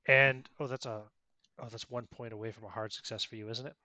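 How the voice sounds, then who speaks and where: A man running a tabletop role-playing game as game master, chatty and quick to laugh. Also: mid-range voice, steady tone, bright, forceful tone, no echo.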